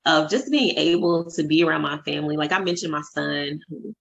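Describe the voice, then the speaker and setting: A woman's voice: low voice, a little fast, gravelly. A woman in her thirties hosting a casual podcast chat as a life coach, telling stories in an effusive way with many fillers. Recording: dull lo-fi remote audio.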